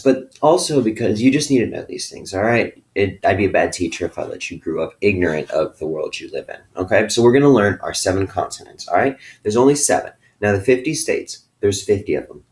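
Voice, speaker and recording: A man teaching a recorded video lesson to students, upbeat and playful, often ending his phrases with a checking "okay?". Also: lowish voice.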